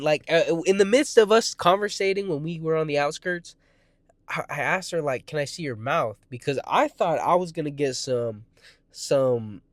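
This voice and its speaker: A man's voice: fairly high pitch, dry recording, studio quality. A man telling a personal story in a casual monologue, rambling and profane, jumping between tangents and acting out quoted lines. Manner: acts out quoted voices, shouting in heated moments.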